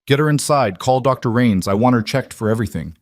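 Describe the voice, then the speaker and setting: A man's voice: mid-range voice, animated, fast talker, a little mellow, no room sound, clean studio sound, natural voice. A man voicing a cold, intense male mafia boss in a storybook reading, clipped and threatening. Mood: cold menace.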